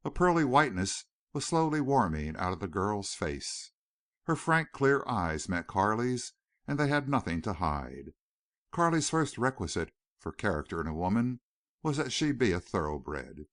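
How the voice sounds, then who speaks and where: In this audiobook, a man with a fairly low, slightly bright voice expressively reads a novel aloud. It's scripted narration captured at studio quality, with no echo.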